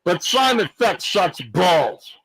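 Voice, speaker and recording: A man voicing a loud, dim-witted clown from the American South in his fifties, speaking in a put-on Arkansas accent and ranting brashly with shouted insults in a comedic livestream bit. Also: high voice, very animated, takes it slowly, creaky, slightly rough, no room sound, heavily acted, low-quality recording. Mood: mocking. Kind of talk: comedic livestream character rant.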